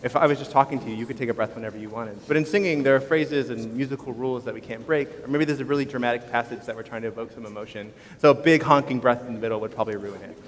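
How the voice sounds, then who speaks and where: A man, a choir teacher, leading vocal warm-ups at a school concert in an upbeat, encouraging, instructive way. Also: medium pitch, very fast, few pauses. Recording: long hall reverb with audience.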